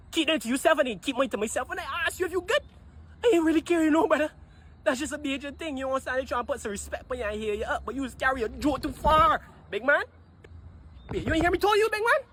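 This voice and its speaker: A man doing a fed-up guy, ranting high. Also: a bit bright, husky, full character voice. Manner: ranting, exasperated, fast dialect. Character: exhausted young man snapping at a whiny friend. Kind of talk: comedy skit.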